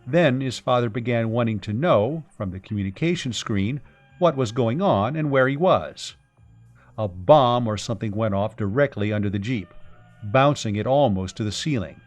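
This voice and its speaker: A man narrates a science fiction audiobook at a mid-range pitch, keeping a steady and even storytelling pace. Faint music plays quietly beneath his voice. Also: normal speed.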